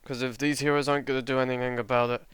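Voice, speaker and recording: A man voicing a determined young hero who talks quietly to himself. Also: mid-range voice, level tone, racing, clear, resonant tone, no echo, natural voice. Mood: resolute. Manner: muttering to himself.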